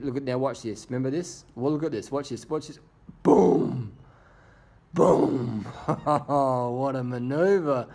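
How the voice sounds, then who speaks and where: A man's voice: medium pitch, a little mellow. A man giving casual, crude, joking commentary over race footage as the host of his channel. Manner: crude, joking, profane banter. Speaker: video host.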